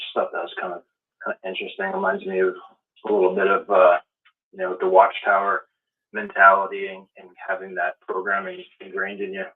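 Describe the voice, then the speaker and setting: Low-voiced reflective man, tinny audio. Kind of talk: casual group chat. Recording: tinny phone-like call audio.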